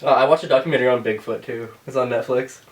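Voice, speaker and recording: A man's voice: medium pitch, steady tone, fast talker. A young man co-hosting a podcast, rambling through crude jokes in casual chat. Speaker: podcast co-host. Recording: distant from the mic.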